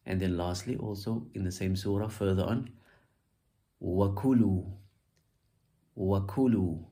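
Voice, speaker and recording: A man's voice: sits low, steady tone, a little fast, dark tone. A man teaching recitation in a spoken tutorial, patiently repeating syllables aloud to show where the stress falls.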